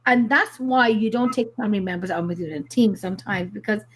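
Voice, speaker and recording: A woman paranormal investigator from Ireland, casually telling stories on a live show, animated and full of fillers and swearing. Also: mid-range voice, quick pace, a little hiss or hum.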